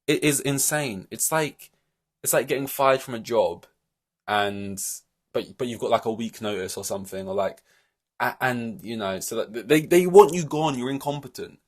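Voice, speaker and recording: A man's voice: medium pitch, normal speed. A man hosting a solo podcast, ranting in an exasperated, rambling way with many fillers and restarts. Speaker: podcast host.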